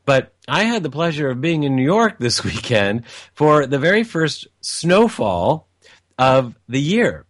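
A man's voice: fairly high pitch, very animated, unhurried, no echo, studio quality. Reflective man telling a personal story. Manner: reflective, with frequent restarts and asides.

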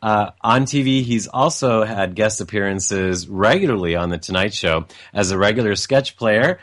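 A West Coast American talk show host with a fairly low, slightly bright voice interviews a guest casually. He's halting, full of fillers and restarts, and laughs along.

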